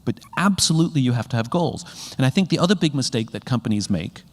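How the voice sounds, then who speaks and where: A man's voice: medium pitch, lively intonation, fast talker. A man giving a conversational keynote talk on leadership to a live audience, acting out little bits of dialogue as he goes. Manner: conversational, acts out quoted dialogue with rising animation. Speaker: speaker on leadership. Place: large hall with a live audience. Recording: reverberant hall.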